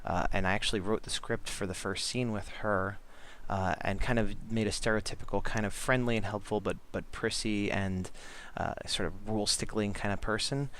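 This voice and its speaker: A man's voice: fairly low pitch, fairly even intonation, normal speed, hardly any pauses, fairly bright tone, slight background noise. A man vlogging about making comics, talking casually with lots of fillers and restarts while he draws. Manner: rambling, many fillers and restarts. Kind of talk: casual chat over drawing.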